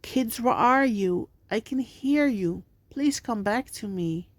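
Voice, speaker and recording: A woman's voice: on the high side, expressive, takes it slowly, no echo. A woman voicing a frantic young mother who is a grieving ghost, speaking in a pleading, anguished way. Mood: desperate.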